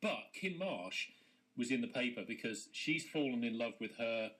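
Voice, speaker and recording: An English man co-hosting a local radio comedy show, firing off quick deadpan jokes and silly asides from a studio. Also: mid-range voice. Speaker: radio co-host. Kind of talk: casual comedy chat.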